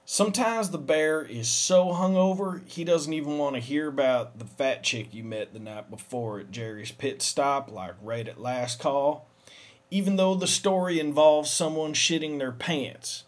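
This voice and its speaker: Rambling deadpan comic man. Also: on the high side, moderate pace. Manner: rambling, acts out both sides with sudden shouts. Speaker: comedic monologue performer. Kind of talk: deadpan comedic monologue.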